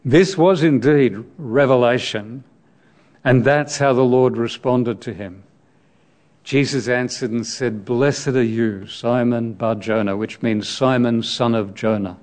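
A man's voice: mid-range voice, measured pace, a little mellow. A man preaching a sermon on scripture, reflective and explaining the text, asking his listeners direct questions.

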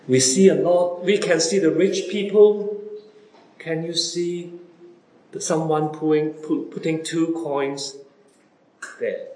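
Slow-speaking preacher man, echoey room. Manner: repeated rhetorical questions to listeners, wide dramatic swings in pitch and loudness. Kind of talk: sermon.

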